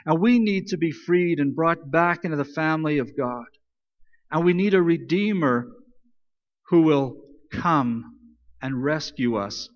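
A pastor preaches a sermon in church, telling a folk tale in a casual, joking, animated way, like a conversational storyteller. His voice is medium-pitched, and the audio has a big-room sound with the highs cut off.

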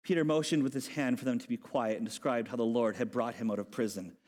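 A male pastor preaching a sermon in an animated, humorous, conversational way. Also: mid-range voice, fast talker. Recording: long hall reverb.

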